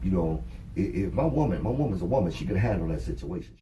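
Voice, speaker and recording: A man co-hosting a talk show, casually telling a story in an animated, profane way and acting out what people said. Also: low voice, quick pace. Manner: animated, profane, acts out quoted dialogue. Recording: distant mic with faint background noise.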